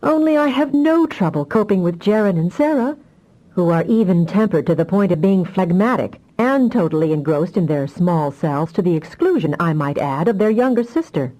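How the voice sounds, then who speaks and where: A woman's voice: fairly low pitch, animated, normal speed, warm tone, highs cut off, close to an everyday voice. A woman reading an audiobook voices an anxious adult telepathic mother who talks in a distressed, pleading way. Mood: rueful.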